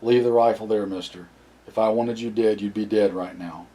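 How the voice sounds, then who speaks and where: A man reading the part of a calm, commanding male survivor in an audiobook, firm and direct, in a low, mellow voice. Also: normal speed, natural voice.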